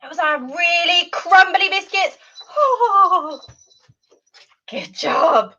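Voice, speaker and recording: A woman leading an online Spanish lesson for children, animated and encouraging. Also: extremely high pitch, slow, long pauses, highs cut off. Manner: animated, encouraging, sing-song teacher voice.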